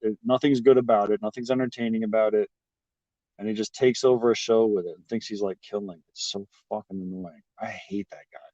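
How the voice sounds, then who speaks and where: A man's voice: on the low side, fairly even intonation, brisk, mellow, no room sound. A man talking casually to his livestream chat, rambling and mocking with lots of swearing. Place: at a restaurant. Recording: dry, slightly dull audio.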